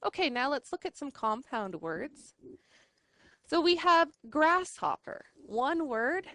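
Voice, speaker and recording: A woman's voice: high-pitched, big pitch swings, bright, forceful tone, dry recording, studio quality. A woman teaching an English lesson, explaining patiently and checking in often with the class. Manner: patient, slow, checks in with "right?".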